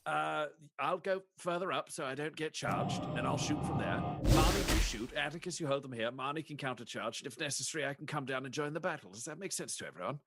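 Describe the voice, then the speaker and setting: A man playing a soldier squad leader, laying out a battle plan in calm, methodical commands. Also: fairly high pitch, brisk, hardly any pauses, a little hiss or hum. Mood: commanding. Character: male squad leader giving battle orders. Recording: music playing behind the voice.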